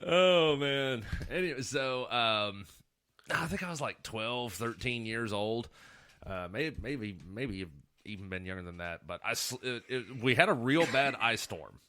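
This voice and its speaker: Laughing bright-voiced radio co-host. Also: male voice, mid-range voice, a little slow. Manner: laughs often, stumbles and restarts. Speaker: radio co-host reading news. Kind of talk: casual banter and news reading.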